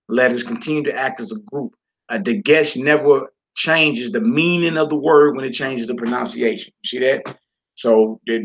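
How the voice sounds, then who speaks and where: A man's voice: medium pitch, fairly bright tone, lo-fi sound. A man teaching a class from a Hebrew textbook, reading passages aloud and explaining them with casual, folksy asides to the listeners.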